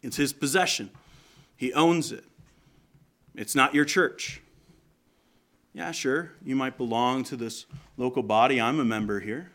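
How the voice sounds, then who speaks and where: A man's voice: medium pitch, steady tone, a little slow, pauses often, a bit bright. A man preaching a conversational sermon from Canada, often asking the congregation questions.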